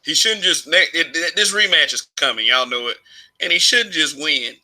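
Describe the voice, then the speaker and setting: A man's voice: on the high side, moderate pace, pushed and bright, poor audio. A man from Alabama giving his opinions in a casual vlog monologue, rambling, restarting phrases and chuckling often. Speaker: vlogger.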